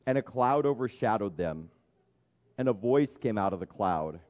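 A man's voice: lowish voice, lively intonation, moderate pace, muffled recording. A man preaching a sermon in a conversational, humorous way, often stopping to restart his sentences. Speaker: pastor.

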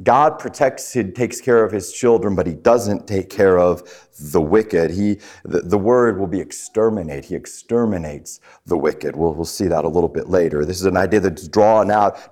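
A man's voice: deep voice, a little mellow. A man preaching on a psalm, often stumbling and repeating words, and putting questions to his listeners. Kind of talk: sermon on a psalm.

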